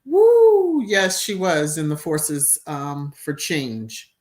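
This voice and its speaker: A woman's voice: deep voice, slow pace. Chatty woman hosting a live stream. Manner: chatty, laughs often, bursts into little sung phrases. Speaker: livestream host reading viewer comments. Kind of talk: casual live-stream chat.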